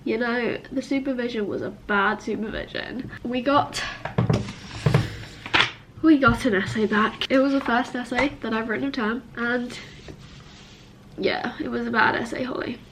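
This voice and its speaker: A woman's voice: a little high, unhurried, long pauses, a bit bright, a little hiss or hum. A young woman, a university student, venting tearfully in a personal vlog, sniffling and self-critical as she rambles. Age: young adult.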